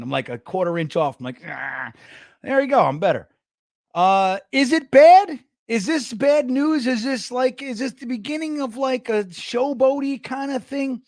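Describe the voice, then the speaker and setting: A man's voice: high voice, dry recording, clean studio sound. A middle-aged man hosting a casual livestream show, rambling and cursing as he reads out the live chat. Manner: rambling, profane, excitable. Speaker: podcast host reading live chat.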